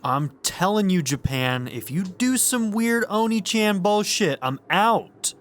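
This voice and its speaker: A man's voice: high voice, expressive, slow pace, fairly bright tone, soft background music. A man in his thirties giving joking, casual commentary while he plays a video game. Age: 30s. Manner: joking, wry running commentary. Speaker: game streamer.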